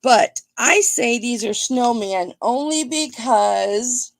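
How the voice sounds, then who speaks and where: Gravelly, slow-talking woman auction host. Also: fairly high pitch, dry recording. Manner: chatty and playful, thinks out loud, greets viewers by name. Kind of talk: casual live-stream auction patter.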